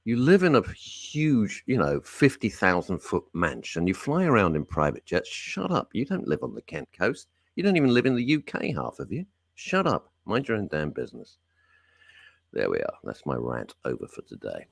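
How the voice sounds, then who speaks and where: A deep, gravelly man holds forth in a studio, his low voice lurching from growl to sudden high bursts. The tone is husky and close, with no room sound at all. He talks bluntly, like a radio host airing a rant. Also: wildly swooping pitch, moderate pace, dry recording. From Britain. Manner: blunt, ranting, sweeping pitch swings. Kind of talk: opinionated talk radio monologue.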